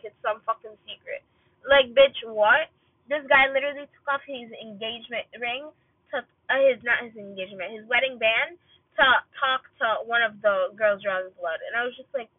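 A woman's voice: a little high, no echo. A young woman who draws blood at a hospital ranting in a casual vlog, blunt, profane and exasperated. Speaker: hospital blood-draw worker. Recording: tinny phone-like, dry sound.

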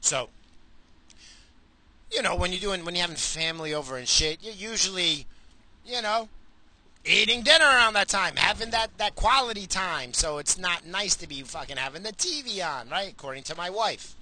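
A middle-aged man from the United States ranting casually and profanely to his viewers while driving, animated, cursing and mocking himself. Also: high voice, moderate pace, low-quality recording. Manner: animated, swearing, self-mocking. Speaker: vlogger.

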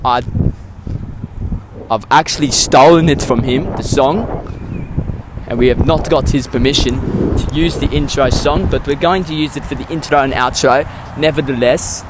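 A man's voice: medium pitch, noisy background. Man rambling in a mock South African accent. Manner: meandering, absurd deadpan storytelling full of hesitations. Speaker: podcast host. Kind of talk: rambling comedic podcast monologue.

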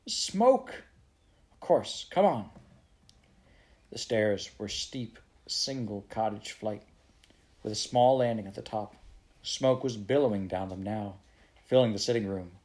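A man reading a children's novel aloud in a steady storytelling manner. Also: fairly low pitch, unhurried. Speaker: audiobook reader.

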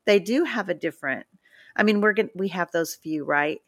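A woman's voice: fairly low pitch, a little fast, no room sound, studio quality. A woman hosting a casual podcast conversation, telling stories animatedly and acting out what people said. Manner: animated storyteller who acts out quotes.

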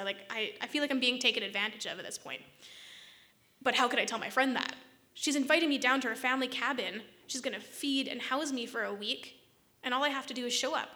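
Woman, bright tense voice, casual storytelling, exasperated, slightly high. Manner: chatty, exasperated, quick asides. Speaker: vlogger telling a personal story.

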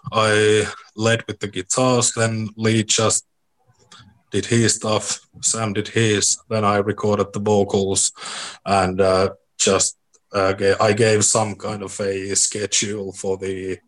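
Hesitant man, low-ish voice, slow monotone delivery, casual interview answers. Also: rough recording. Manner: hesitant, many ums, plain-spoken. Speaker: musician guest.

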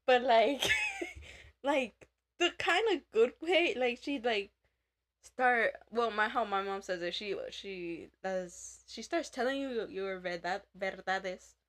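A woman's voice: on the high side, very animated, slow pace, fairly bright tone. A young woman co-hosting a casual chat, laughing often and dropping Spanish words and slang into her stories. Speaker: podcast co-host.

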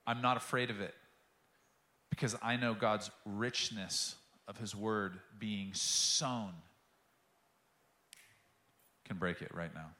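A man's voice: on the low side, steady tone, measured pace, pushed and bright, reverberant. A man preaching a sermon as pastor, telling a story with passion and acting out the quotes.

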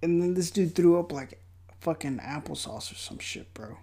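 A young man giving casual, profane commentary while watching a movie, mocking it and breaking into loud outbursts. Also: on the high side, expressive, moderate pace.

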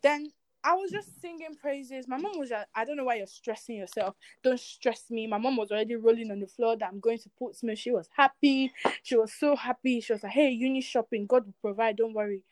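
Lively young woman telling a story. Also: on the high side, fairly quick, dry recording. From Nigeria. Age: young adult. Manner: lively storytelling, acting out quoted voices; earnest, preaching faith. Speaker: guest. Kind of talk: casual interview chat.

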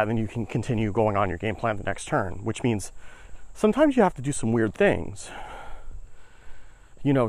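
A man's voice: mid-range voice, no echo. A man hosting a podcast, talking casually while walking uphill outdoors and slightly out of breath. He rambles, with lots of "like" fillers and "right?" checks. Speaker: podcast host. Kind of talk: casual explanatory podcast talk.

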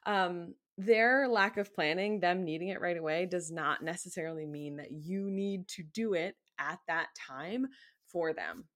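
A woman's voice: fairly low pitch, normal speed, fairly bright tone. A woman hosting a solo podcast, talking casually and emphatically as a coach and acting out the requests she quotes.

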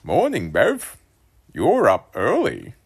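A man's voice: mid-range voice, huge pitch swings, slow pace, gravelly, husky, pitched above the performer's own voice, exaggerated voice. A man voicing a boisterous, teasing dad in a children's storybook reading, in a playful bantering manner.

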